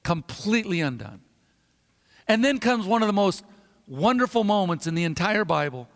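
A man's voice: high voice, expressive, brisk, big-room sound. A man preaching a sermon, emphatic and fond of repeating phrases for effect. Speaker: pastor.

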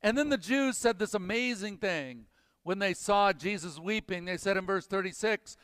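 Male pastor, high clear voice, emphatic preaching that sinks to a hush; church with long reverb. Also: moderate pace, studio quality. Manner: emphatic, dropping to hushed intensity. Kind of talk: sermon.

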